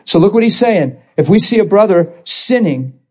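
A man's voice: high voice, lively intonation, normal speed, darkish tone, slightly rough. A man preaching a sermon, impassioned and rising to emphatic bursts.

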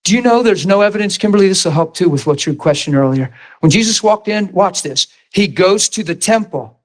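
A man preaching a sermon, telling a healing story with lively acted-out quotes. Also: a little fast. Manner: animated storytelling, acts out quotes in high excited voice.

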